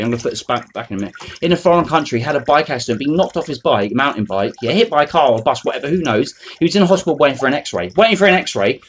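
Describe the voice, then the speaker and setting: A man, ranting to camera in a rambling, foul-mouthed, mocking way. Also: fairly high pitch. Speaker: vlogger. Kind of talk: unscripted rant to camera.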